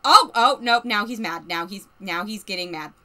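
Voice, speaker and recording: A woman's voice: medium pitch, expressive, moderate pace, sharp tone. A woman streamer giving chatty, casual commentary as she plays a life-simulation game, narrating what the characters feel and laughing often.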